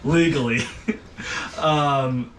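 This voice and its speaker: A man running a tabletop game as game master, with a voice of middling pitch. He rambles along with plenty of ums and uhs. He sits away from the mic in a noisy room. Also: very slow, far from the mic.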